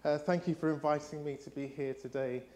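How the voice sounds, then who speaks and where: A man's voice: a little high, fairly even intonation, a little fast. A middle-aged man with an English accent, preaching as a guest speaker and telling personal stories with fillers and restarts. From England. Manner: warm storytelling with frequent fillers and restarts. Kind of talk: sermon.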